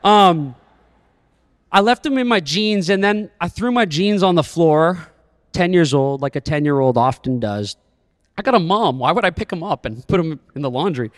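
A man's voice: a little high, animated, normal speed, clean studio sound. A young man preaching a sermon, telling a story with humor and dramatic flair. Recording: echoey church hall.

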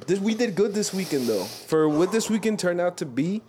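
A man's voice: sits high, big pitch swings, a little fast, darkish tone, slight background noise. Laid-back young man co-hosting, candid. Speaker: podcast co-host. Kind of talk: casual chat.

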